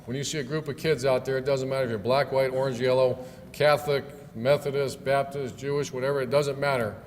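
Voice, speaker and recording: A middle-aged man tells stories as a guest speaker, folksy and loose, full of fillers and restarts. His voice sits at a medium pitch and rings out with a long reverb in a banquet hall. Faint room noise runs underneath. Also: steady tone, a little fast. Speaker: guest speaker, football coach. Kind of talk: storytelling speech at a club event.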